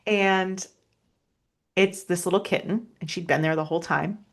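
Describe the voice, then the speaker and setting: A woman, a podcast guest, telling a personal story in an earnest, halting way, with many restarts and fillers. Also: fairly low pitch, fairly even intonation.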